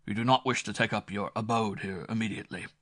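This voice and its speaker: A man playing a grave, kindly older gentleman speaking to a young man. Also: fairly low pitch, fairly even intonation, fast, no room sound, studio quality. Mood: wry, kindly. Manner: grave, fatherly.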